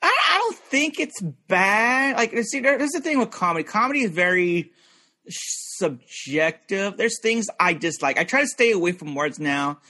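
Young male podcast guest, rambling and loose, voice on the higher side. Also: animated, moderate pace, bright, forceful tone. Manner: rambling, filler-heavy, restarts often. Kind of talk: casual chat.

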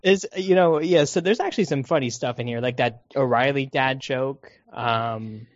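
A man's voice: mid-range voice, moderate pace, no room sound, highs cut off. A man chatting casually as co-host of a movie review podcast, joking and slipping into quoted voices.

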